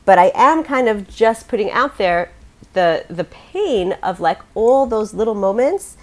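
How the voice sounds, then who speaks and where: A woman's voice: medium pitch, lively intonation, a little slow, a little mellow. Give me a woman on a podcast panel, thinking aloud in loose, rambling sentences full of restarts. She sounds like she is chatting casually among colleagues. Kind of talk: casual chat.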